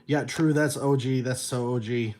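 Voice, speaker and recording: A man's voice: mid-range voice, steady tone, normal speed, darkish tone. A middle-aged man chatting casually on a livestream, telling stories and reading viewer messages, loose and profane, chuckling often. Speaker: vlogger reading viewer chat.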